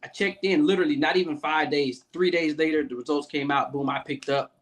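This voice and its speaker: Man telling a casual story, slightly high voice. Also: brisk, slight background noise. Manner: animated storyteller acting out the people he quotes; loose, profane, talkative. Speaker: podcast guest, Navy command master chief.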